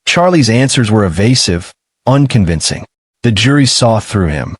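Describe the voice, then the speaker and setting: A man narrating a true-crime documentary in a measured, scripted way. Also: lowish voice, big pitch swings, breathy edge, no echo.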